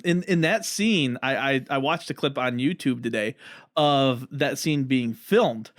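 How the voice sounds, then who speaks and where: A man's voice: a little high, fairly bright tone, no echo, studio quality. Rambling man on a podcast. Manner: rambling, hesitant. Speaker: podcast co-host. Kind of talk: casual chat.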